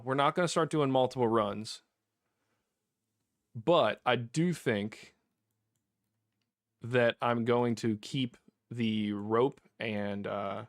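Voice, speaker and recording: Guy streaming a game live, chatty w chat, mid pitch, dry close mic sound. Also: vocal fry, dry recording. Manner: chatty, talks to chat, bursts of laughing frustration. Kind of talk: live gameplay commentary.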